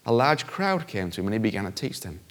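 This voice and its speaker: A man preaching a sermon in a conversational, animated way, acting out voices with big jumps in pitch. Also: fast talker.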